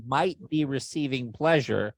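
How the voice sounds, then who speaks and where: A man's voice: mid-range voice, a little slow, no room sound, clean studio sound. A man hosting a comedy podcast, riffing wryly and building crude jokes in casual banter. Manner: wry, riffing, acts out bits in quoted voices. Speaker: podcast host.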